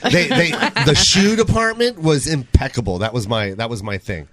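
A middle-aged man, a guest comedian, telling joking stories in talk show banter. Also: medium pitch. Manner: animated, quick to jump into comic voices.

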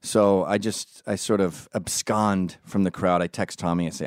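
A man vlogging into his own camera in an animated, profane rant, mimicking the people he talks about. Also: lowish voice, moderate pace, dry recording, studio quality. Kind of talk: ranting monologue to camera.

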